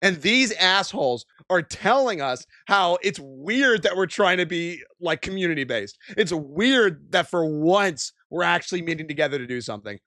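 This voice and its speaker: A man's voice: high voice, expressive, normal speed, few pauses, sharp tone, dry recording, clean studio sound. A young man streaming, ranting and swearing in exasperated commentary.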